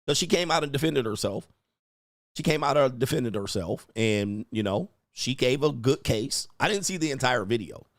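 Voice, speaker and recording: Heard on a dry, clean studio recording, a podcast host with a mid-range voice talks animatedly at normal speed. His casual commentary stream is brash and profane, full of chuckles, with "all right?" repeated as a tic.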